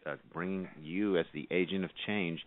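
A man hosting a call-in talk show, soft-spoken and affirming toward his guests. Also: sits low, steady tone, moderate pace. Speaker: radio show host. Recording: phone-line sound, dry.

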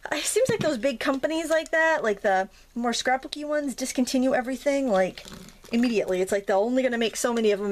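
A woman's voice: on the high side, background noise. A woman hosting a craft tutorial, chatting casually as she works, rambling with fillers and self-corrections. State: slightly out of breath from pressing stamps.

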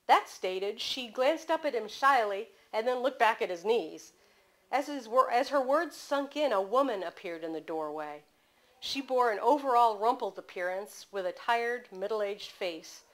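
A woman author reading aloud from her mystery novel at a bookstore, in steady storytelling narration. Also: medium pitch, poor audio.

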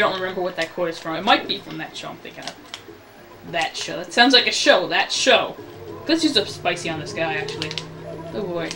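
This is a casual gameplay commentator talking at an ordinary middle pitch. The talk rambles and jokes, often stopping to fix a slip mid-sentence. A clear hiss of noise runs under the whole home recording. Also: distant mic. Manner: rambling, self-correcting, jokey. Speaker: let's play host.

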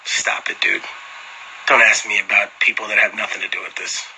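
A man's voice: fairly low pitch, a little fast, gravelly, a little hiss or hum, low-quality recording. A man answering fans on a phone livestream in casual talk. He tells profane stories with lots of energy and laughs often. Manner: animated, profane storyteller who laughs often. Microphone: phone camera.

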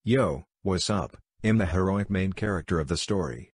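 Casting: man voicing young male hero, very low husky read. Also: normal speed, no echo, studio quality. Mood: casual.

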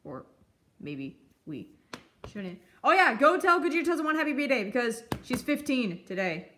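A woman's voice: high voice, very animated, normal speed, sharp tone, slight background noise. A woman hosting an ask-and-dare kaiju role-play, talking in a chatty, rambling way. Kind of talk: casual chat.

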